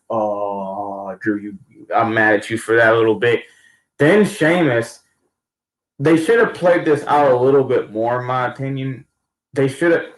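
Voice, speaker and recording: A man giving a casual, rambling recap of a wrestling event, talking in slang and often restarting his sentences. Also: mid-range voice. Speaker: wrestling fan vlogger. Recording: echoey room.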